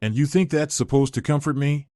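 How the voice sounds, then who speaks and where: A man's voice: on the high side, a little fast, warm tone, dry recording, lightly acted. A man voicing a cold, betrayed bride-to-be. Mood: firm. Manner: firm, cold. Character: betrayed young woman, firm and cold.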